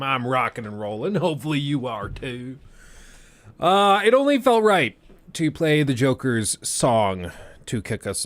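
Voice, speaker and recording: A man's voice: medium pitch, fairly bright tone, no echo. A man hosting a casual livestream, chatty and joking as he rambles through his thoughts. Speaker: streamer host.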